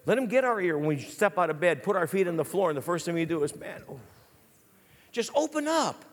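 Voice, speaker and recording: A man preaching an animated sermon, telling stories in a lively, casual way. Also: sits high, fast talker. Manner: lively, storytelling, casual slang. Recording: long hall reverb.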